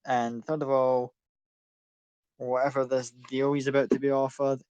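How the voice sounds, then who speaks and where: A man playing a brusque older sister in a tabletop game, foul-mouthed, blunt, exasperated, medium-pitched, dry close sound. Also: level tone, a little slow, darkish tone, smooth, no room sound, highs cut off, natural voice. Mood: irritated.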